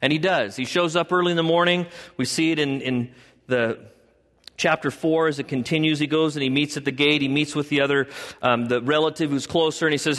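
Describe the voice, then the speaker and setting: A man's voice: fairly high pitch, fairly even intonation, a little fast, a bit bright. A male pastor preaching a sermon in an emphatic style, with rhetorical questions and storytelling. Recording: long hall reverb.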